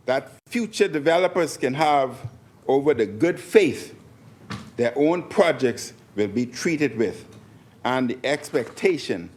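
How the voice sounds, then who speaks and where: A man giving a parliamentary speech, stressing points by repeating phrases. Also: medium pitch. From Bahamas. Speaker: member of parliament. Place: parliament chamber.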